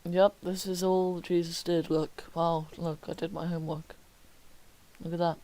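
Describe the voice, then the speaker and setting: Young male student streamer: unhurried delivery with a gravelly edge. He reads schoolwork aloud with dry, half-whispered jokes. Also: a little high, little pitch movement, warm tone, poor audio. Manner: wry, slips into whispered mock remarks. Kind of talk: reading homework aloud with joking asides.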